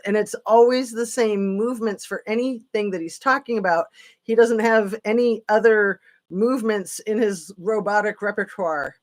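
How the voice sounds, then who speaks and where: A woman's voice: mid-range voice, normal speed. A woman hosting a live stream, rambling and sarcastic with lots of fillers, tired late at night. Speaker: political commentary channel host. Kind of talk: casual live-stream commentary.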